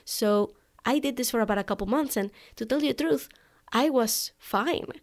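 A podcast host for online coaches shares a personal story with her audience in an easygoing, conversational style. She keeps slipping in "you know" and "right?" Her voice is a little high and moves at a moderate pace.

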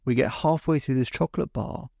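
Man, podcast host, gravelly, storytelling, dry close recording. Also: mid-range voice, fairly quick, warm tone, no room sound. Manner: vivid storytelling, acts out client dialogue. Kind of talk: storytelling monologue.

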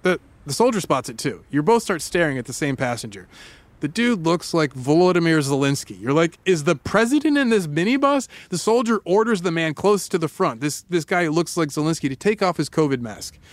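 A man hosting a podcast, his voice sitting on the higher side for a man. He spins a story in the second person, playful and theatrical, with drawn-out pauses for suspense and quick asides. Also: no room sound. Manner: playful, dramatic pauses, animated delivery.

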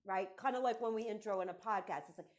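A woman's voice: medium pitch, fast talker. A middle-aged woman talking as a podcast guest and mentor, in an emphatic, conversational way that repeats key phrases.

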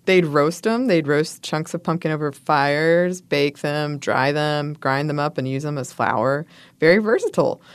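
A woman with a lowish voice co-hosts a relaxed conversation. She reads history notes aloud and breaks off for playful asides and laughs. The sound is dry and close to the mic. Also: a little slow, clear, resonant tone, dry recording. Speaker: podcast co-host. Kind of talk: casual chat, reading food history notes.

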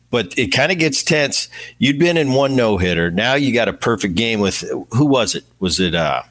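A man's voice: on the low side, big pitch swings, a little fast, hardly any pauses, a bit bright. A man hosting a podcast, a former ballplayer, asking long leading questions and reciting stats. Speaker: podcast host, former baseball player. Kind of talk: interview questions.

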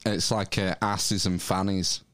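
A man from Northern England chats casually on a podcast, hesitating with lots of ums and restarts. His deep voice has little pitch movement and a measured pace, a bit bright, in studio-quality sound with no echo.

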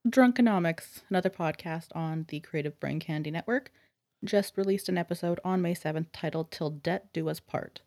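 A young woman co-hosts a casual podcast in a lowish voice, recorded close and dry. She trades teasing, dry remarks and reads promos plainly. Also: moderate pace, a little mellow, no room sound. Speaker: podcast co-host. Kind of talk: casual chat.

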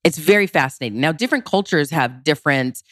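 Low-voiced expressive woman, dry sound. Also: fast talker, dry recording. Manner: expressive, emphatic with big pitch leaps. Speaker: relationship consultant. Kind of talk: podcast interview.

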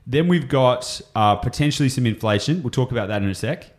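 A man's voice: mid-range voice, lively intonation, brisk. An Australian man explaining property investing on a podcast, enthusiastic and rambling, often going off on tangents.

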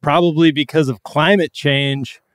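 A man's voice: fairly high pitch, steady tone, unhurried, dry recording, clean studio sound. A man hosting a comedy podcast, wry and rambling as he sets up a news story. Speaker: podcast host. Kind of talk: casual comedic chat.

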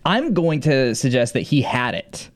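A man co-hosting a casual rewatch podcast, enthusiastic and quick to laugh, with frequent fillers and restarts. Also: medium pitch, very animated, no echo. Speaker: podcast co-host.

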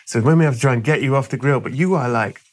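A man's voice: mid-range voice, fast. A man hosts a chat podcast, telling a ridiculous made-up tale with comic timing. His voice sits in a middle register, and his delivery rambles and stumbles playfully. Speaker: podcast host. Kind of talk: comic storytelling in conversation.

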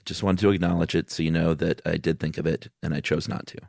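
A man's voice: rumbling low, fairly even intonation, fast, vocal fry, darkish tone, dry recording, studio quality. A man co-hosting a casual podcast, bantering wryly and teasing his partner. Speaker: podcast co-host. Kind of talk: casual chat.

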